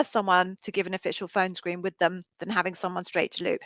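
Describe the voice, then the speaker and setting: A woman's voice: fairly low pitch, little pitch movement, fast talker, fairly bright tone, no echo. A woman coaching job candidates live, explaining the interview process in a frank, conversational way.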